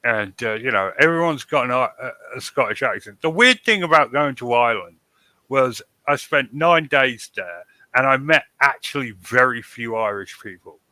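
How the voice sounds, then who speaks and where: A man's voice: mid-range voice, expressive, moderate pace, bright, forceful tone, dry recording, rough recording. A man hosting a podcast in casual chat, telling blunt, wry stories. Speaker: podcast host.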